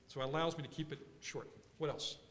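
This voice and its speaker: Bright-voiced man teaching a workshop. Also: on the high side, brisk, slight background noise. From Philadelphia, USA. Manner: animated, thinking aloud with restarts. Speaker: workshop speaker. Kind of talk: conference workshop talk. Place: large conference hall. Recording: conference hall reverb.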